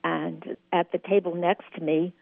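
A woman's voice: fairly low pitch, flat delivery, unhurried, creaky, dry recording. Woman telling a story on a tinny phone line. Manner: chatty, tells anecdotes with quoted voices. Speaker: caller.

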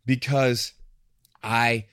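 A man in casual podcast conversation, talking in an animated way and acting out the voices he quotes. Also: mid-range voice, takes it slowly, clean tone, no room sound, studio quality.

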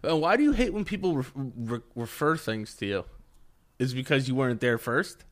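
A man's voice: mid-range voice, expressive. A man co-hosting a podcast in casual chat, defending himself and asking questions, often stumbling over his starts. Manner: defensive, questioning, halting restarts. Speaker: podcast co-host.

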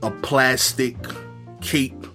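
A man's voice: mid-range voice, steady tone, very slow, pushed and bright, soft background music. A man, telling a funny personal story in a conversational way, full of wry asides. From New York. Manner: conversational, many "you know" fillers, wry asides.

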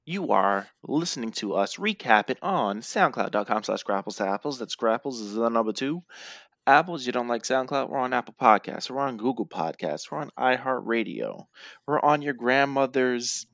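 A man's voice: medium pitch, animated, normal speed, fairly bright tone, no echo, clean studio sound. A man co-hosting a casual wrestling recap podcast, playful and rambling, sounding tired and yawning. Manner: playful, jokey, rambling with fillers. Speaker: podcast co-host.

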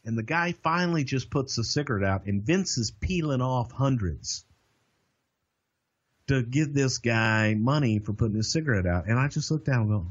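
A man's voice: medium pitch, lively intonation, moderate pace. An older man casually telling a long story on a podcast, acting out other people's lines. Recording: dull lo-fi podcast audio.

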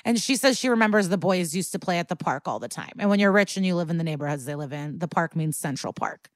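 A woman's voice: lowish voice, lively intonation, fast talker, dry recording. A woman co-hosting a podcast, casually recapping an episode in a chatty, profane way. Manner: chatty, profane, acts out quotes. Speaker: podcast co-host.

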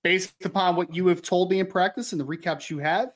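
A man hosting a football podcast, chatting in a casual, upbeat way with animated emphasis. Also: high voice, a little fast. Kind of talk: casual sports analysis chat.

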